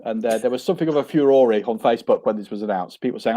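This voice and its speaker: A man in casual conversation, telling a lively anecdote with frequent restarts and repeated words. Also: medium pitch, racing. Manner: animated anecdotal storytelling with many restarts. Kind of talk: casual chat.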